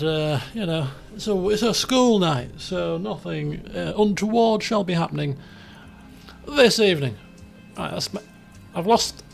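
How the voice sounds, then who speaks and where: Chatty man with a gravelly voice. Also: high voice. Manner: chatty, self-deprecating, rambling. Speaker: game streamer. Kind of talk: casual live-stream commentary.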